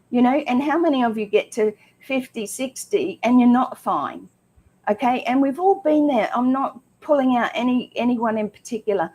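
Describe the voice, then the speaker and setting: A woman's voice: on the high side, normal speed, darkish tone. A woman co-hosting a casual health talk show, chatty and emphatic with frequent ums. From Australia.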